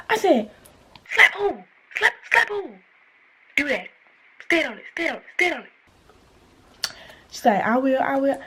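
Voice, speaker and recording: Young woman vlogger, mellow husky voice, lively slangy storytelling. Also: medium pitch. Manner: animated, slangy storytelling, acting out quotes. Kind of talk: storytime vlog.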